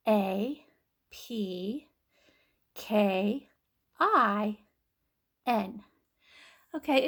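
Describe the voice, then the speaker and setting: High-voiced woman teacher doing a slow, patient phonics lesson for little kids, sounding out every letter. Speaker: kindergarten teacher. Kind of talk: recorded phonics lesson for young children.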